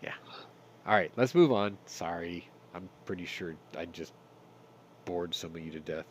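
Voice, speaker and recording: Low-voiced sarcastic man reading news. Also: normal speed, slight background noise. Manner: sarcastic, swears, reads news then jokes. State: stuffy from sinuses. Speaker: news commentary host. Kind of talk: casual news roundup with commentary.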